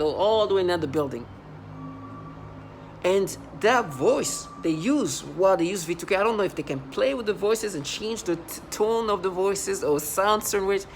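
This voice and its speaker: A vlogger delivers a rambling personal monologue in an agitated, intense voice of middling pitch. The talk keeps breaking off and restarting, jumping into quoted asides, and swings from loud outbursts down to low muttering. A faint hiss of noise sits under the voice.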